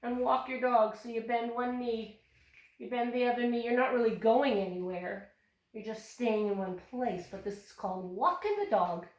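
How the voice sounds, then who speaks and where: Echoey yoga teacher guiding young children. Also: female voice, on the high side, normal speed. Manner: cheerful, encouraging step-by-step instructions. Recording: echoey room, voice from a distance.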